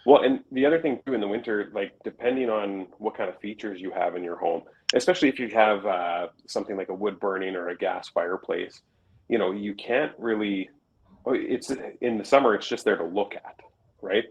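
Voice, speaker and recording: A man's voice: lowish voice, a little fast, lo-fi sound. A man co-hosting a podcast as a realtor, explaining things conversationally with everyday examples. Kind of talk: casual chat.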